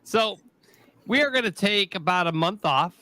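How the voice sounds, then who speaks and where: Bright-voiced male podcast host. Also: high voice, animated, normal speed, no echo. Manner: upbeat sign-off, thanking guests. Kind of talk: casual chat.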